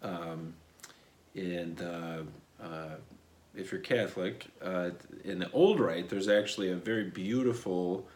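A man's voice: low-pitched, slow, a little mellow. A man from Nebraska with a Midwestern American accent, co-hosting a podcast from a cabin with dry, laid-back humor, recorded through wireless earbuds. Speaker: podcast co-host. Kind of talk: casual podcast chat.

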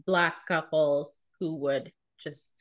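A woman hosting a podcast, talking in a relaxed, reflective, conversational way. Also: low-pitched, slow, no echo, lo-fi sound. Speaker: podcast host. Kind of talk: casual conversation.

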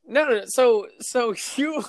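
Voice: medium pitch, measured pace, dry recording, clean studio sound. A podcast host spinning a playful, insistent improvised story in casual chat. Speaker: host leading an improvised scenario.

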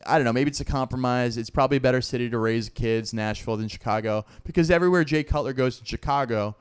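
A man's voice: mid-range voice, fast talker, clean tone. A man co-hosting a podcast in casual chat, sarcastic and joking, with lots of fillers. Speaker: podcast co-host.

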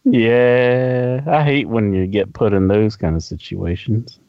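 A man's voice: lowish voice, steady tone, no echo. A man chatting casually on a podcast, often stumbling and repeating words as he talks. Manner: halting, repeats words while searching for them. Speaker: podcast co-host. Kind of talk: casual chat. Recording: slightly dull, dry recording.

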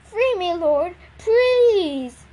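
A woman's voice: extremely high pitch, slow, warm tone. A woman reading aloud and voicing a frightened, polite zebra that pleads to be freed. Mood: pleading.

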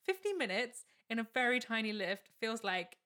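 A woman's voice: a little high, normal speed. A young woman, co-hosting a casual chat and telling a story with lots of laughs and acted-out quotes. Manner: animated, laughing storyteller who acts out quotes.

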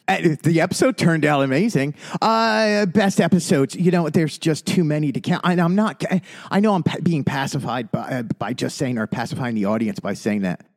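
A man's voice: fairly high pitch, normal speed, few pauses. A man co-hosting a podcast, speaking in a heartfelt, rambling way and restarting his sentences when he gets emotional. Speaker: podcast co-host. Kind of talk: casual podcast chat.

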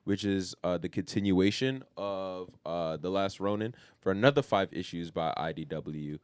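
A man's voice: deep voice, normal speed, clean tone, no echo. A man co-hosting a podcast, talking loosely with lots of slang, fillers and swearing. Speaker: podcast co-host. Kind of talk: casual chat.

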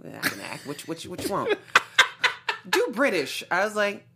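A woman actress from Texas chatting as a guest, telling animated stories with a lively, swinging voice. She laughs easily. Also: medium pitch, unhurried, vocal fry, heavy background noise. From suburbs of Houston, Texas. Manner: animated storyteller, laughs often. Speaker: actress, talk show guest. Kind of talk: casual chat.

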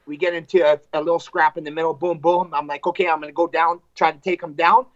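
A man, a fighter, telling a fight story in casual chat, animated and profane, acting out what people said. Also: on the high side, fast, no room sound, dull audio. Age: adult with wife and two kids. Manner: animated, profane, acts out quotes.

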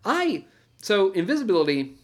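A man chatting casually on a podcast, with quick reactions and wry jokes. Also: sits high, big pitch swings. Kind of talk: casual chat.

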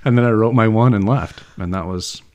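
A man's voice: lowish voice, fairly quick, a little mellow. A man co-hosting a podcast, telling a school anecdote in casual chat and laughing often. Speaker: podcast co-host.

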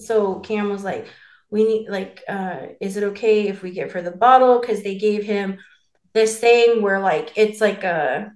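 A woman's voice: mid-range voice, unhurried, echoey room. A woman in casual podcast chat, rambling and filling with "like" as she acts out quoted dialogue. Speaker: podcast co-host telling her birth story.

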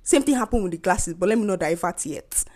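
A woman hosting her own podcast, retelling an everyday story in a lively, incredulous way and acting out both sides of the conversation. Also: fairly low pitch, a little fast. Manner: animated, incredulous retelling with voiced dialogue. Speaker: podcast host. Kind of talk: casual storytelling monologue.

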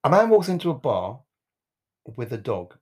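A man's voice: mid-range voice, big pitch swings, moderate pace, darkish tone, breathy edge. A man co-hosting a casual podcast, teasing and giggling while telling jokes. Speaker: podcast co-host.

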